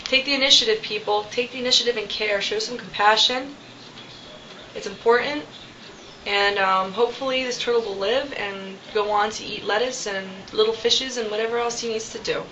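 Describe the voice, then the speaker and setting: A young woman telling a story to her camera at home, chatty and animated, with lots of fillers and quoted asides. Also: on the high side, normal speed, highs cut off, background noise. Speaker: vlogger. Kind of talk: casual storytelling vlog.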